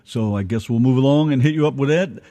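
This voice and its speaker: A man's voice: mid-range voice, quick pace, warm tone. A man co-hosting a casual radio show, joking and rambling in a loose, chatty way. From United States.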